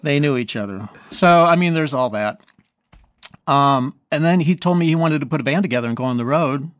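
A man's voice: fairly high pitch, a little fast, dry recording. A man, a musician guest telling stories in a casual interview, acting out what others said. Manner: animated storyteller, quotes others in lively voices.

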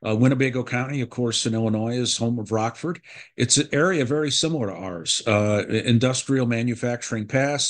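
A man hosting an interview, asking a guest questions in a curious, measured way with small restarts. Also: medium pitch. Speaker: radio or podcast host.

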